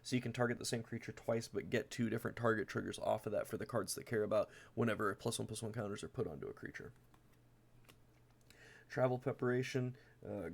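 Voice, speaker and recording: A man's voice: on the low side, gravelly. A man casually walking through his card deck one card at a time, reading the card text aloud with plenty of fillers and restarts. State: tired, yawning. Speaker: deck tech host.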